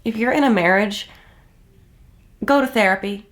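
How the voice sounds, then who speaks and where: A woman's voice: medium pitch, moderate pace. A woman giving heated, blunt reaction commentary and swearing often. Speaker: commentary host.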